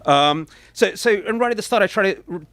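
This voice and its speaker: A man's voice: sits high, lively intonation, normal speed, a bit bright, no room sound. A man in his forties giving a talk about his book and reading extracts, hesitant and thoughtful, with many fillers and restarts. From Britain.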